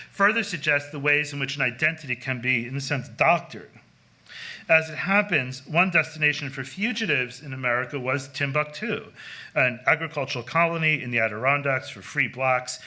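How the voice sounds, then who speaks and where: A man's voice: mid-range voice, sharp tone. A man presenting a scholarly conference paper, reading dense prose aloud with frequent fillers and self-corrections. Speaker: conference speaker. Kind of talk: academic lecture reading from a paper. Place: lecture hall.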